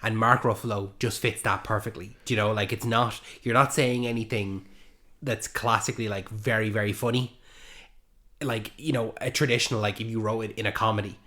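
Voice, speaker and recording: A man's voice: on the low side, fairly even intonation, fairly quick, bright, forceful tone. A man co-hosting a podcast, talking about a film in an enthusiastic, rambling way with many fillers. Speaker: podcast co-host. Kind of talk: casual film discussion.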